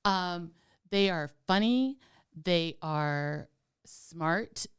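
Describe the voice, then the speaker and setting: A woman co-hosting a podcast has a fairly low, smooth voice with lively intonation, and she speaks very slowly. She chats warmly and teases a lot, using "like" and "um" throughout.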